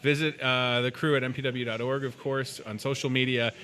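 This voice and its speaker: A man's voice: medium pitch, little pitch movement, a little fast, bright, forceful tone. A man hosting a live local TV segment, chatty and joking, often mocking himself. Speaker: store TV show host.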